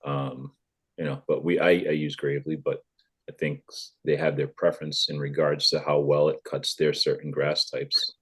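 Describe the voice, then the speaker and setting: A man's voice: very deep voice, flat delivery, moderate pace, husky. A man in casual chat, speaking hesitantly and thoughtfully.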